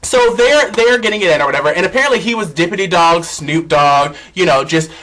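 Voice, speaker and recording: A man dishes celebrity gossip on his vlog in a high, bright voice. He is sassy, campy and outspoken. His pitch leaps up and drops low. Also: expressive, fairly quick, poor audio. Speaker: vlog host.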